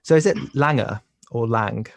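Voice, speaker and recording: A man hosting a conversational podcast interview, halting and often repeating words as he talks. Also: medium pitch, vocal fry, no echo. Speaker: podcast host.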